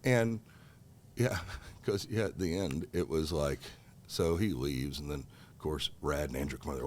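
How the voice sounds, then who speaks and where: A man's voice: a bass voice, moderate pace, slight background noise. A middle-aged man telling a story as a podcast guest, swearing freely and heated as he talks. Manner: profane, heated, animated. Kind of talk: casual storytelling.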